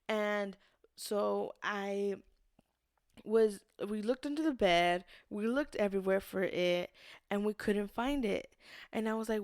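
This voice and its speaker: A woman's voice: mid-range voice, moderate pace, darkish tone, no echo, clean studio sound. A young adult woman co-hosting a podcast in casual chat, telling stories and acting out what people said. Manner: rambling storyteller, acts out quotes. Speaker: podcast co-host.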